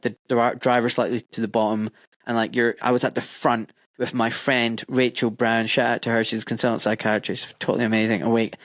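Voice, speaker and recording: A middle-aged man with a British accent hosting a podcast, telling stories in lively casual talk, swearing freely and acting out voices. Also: medium pitch, dry recording, clean studio sound. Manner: animated storyteller, swears freely, acts out voices. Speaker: podcast host. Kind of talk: casual conversation.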